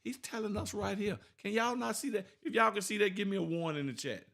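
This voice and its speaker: A man with teaching scripture informally, asking rhetorical questions, laughing and reading verses slowly. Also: sits high, lively intonation, creaky, fairly bright tone. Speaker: Bible teacher.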